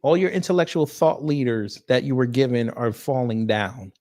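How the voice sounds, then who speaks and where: A man at an ordinary middle pitch, talking through a casual commentary chat. He is blunt and mocking, uses a lot of slang and some swearing, and keeps turning to address the audience directly. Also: moderate pace, darkish tone. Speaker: host.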